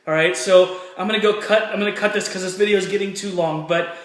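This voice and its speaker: A man's voice: sits high, fairly even intonation, fast talker, roomy sound. An earnest man giving a motivational talk to camera, telling a personal story and repeating phrases for emphasis. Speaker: motivational speaker.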